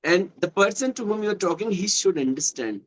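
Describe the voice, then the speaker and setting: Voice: mid-range voice, animated, fairly quick, poor audio. A speaker with an Indian English accent explaining earnestly in casual conversation practice, repeating points. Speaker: conversation partner.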